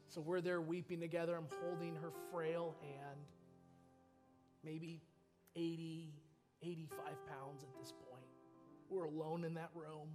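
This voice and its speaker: A man's voice: on the high side, a little slow, over music. A male pastor preaching a sermon in a church, telling a personal story with feeling. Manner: storytelling, emotional, animated. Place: church sanctuary.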